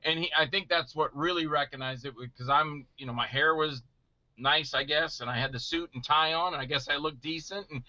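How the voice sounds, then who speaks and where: A middle-aged man telling stories in casual chat, animated and acting out voices he quotes. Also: on the high side, brisk, dry recording, highs cut off. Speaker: guest actor telling stories.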